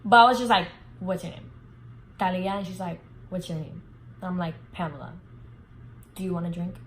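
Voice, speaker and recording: Animated young woman telling a story, casual. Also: on the low side, a little fast, slight background noise, low-quality recording. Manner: animated, heavy filler words, swears freely. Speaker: vlogger.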